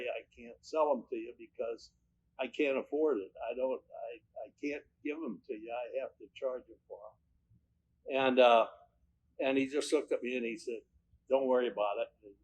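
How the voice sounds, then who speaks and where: A man's voice: mid-range voice, a little hiss or hum, poor audio. Older man telling rambling business stories. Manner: rambling storyteller, many restarts and "but anyway". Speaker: company owner. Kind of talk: recounting personal anecdotes.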